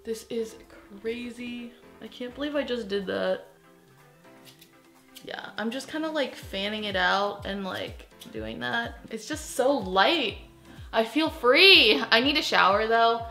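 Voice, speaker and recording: A young woman vlogging casually in front of a mirror, excitable and gushing, often gasping and exclaiming. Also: on the high side, a little slow. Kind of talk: casual vlog chat. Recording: roomy echo with faint background music.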